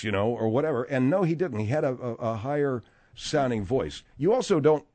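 A man hosting a talk radio show, rambling and animated, with frequent restarts as he talks. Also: medium pitch, moderate pace. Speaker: radio host.

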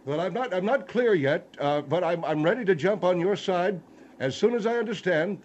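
A man voicing a slow, befuddled male guest who stammers in confusion. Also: high voice, expressive, darkish tone, lo-fi sound, a little hiss or hum, pitched above the performer's own voice.

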